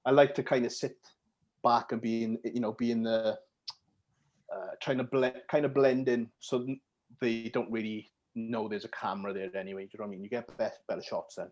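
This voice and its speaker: Sweary young Yorkshire man trailing off softly. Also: mid-range voice, steady tone, brisk, highs cut off. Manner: swears freely, trails off quietly at phrase ends. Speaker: podcast guest, gym videographer. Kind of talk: casual podcast chat.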